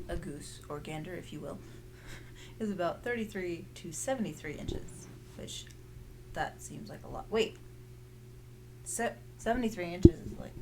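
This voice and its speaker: A woman's voice: lowish voice, heavy background noise. A young woman co-hosting a casual podcast, giggly and easily amused as she reads out facts. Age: young adult. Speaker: podcast co-host. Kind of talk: casual chat.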